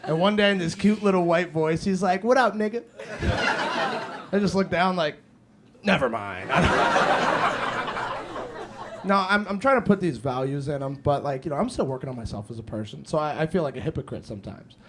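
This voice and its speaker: A young male comedian with a fairly high voice works a club stage, spinning loose, profane stories and jumping into the dialogue. The live recording carries a steady layer of noise under his handheld mic. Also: fairly quick. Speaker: stand-up comedian. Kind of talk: stand-up comedy set.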